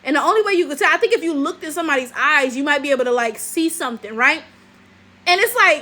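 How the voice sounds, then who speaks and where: Sassy Detroit woman, bright and high. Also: fast talker. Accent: African American English, Detroit. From Detroit, USA. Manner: sassy, animated, profane, with frequent "right?" asides. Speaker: YouTube commentary host. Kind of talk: casual reaction commentary.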